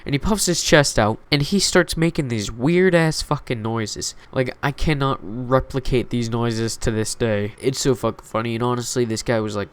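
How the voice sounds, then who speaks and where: A man's voice: mid-range voice, clean tone. Casual, rambling young-sounding man. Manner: loose and rambling, with frequent swearing and "like" fillers. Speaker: YouTube storyteller. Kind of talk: casual storytime narration. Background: faint background music.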